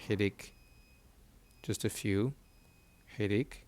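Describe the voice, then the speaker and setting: A man's voice: on the low side, fairly even intonation, slow pace, a little mellow. A man teaching a Hebrew reading lesson at a board, patiently repeating key terms and asking checking questions. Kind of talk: whiteboard lesson.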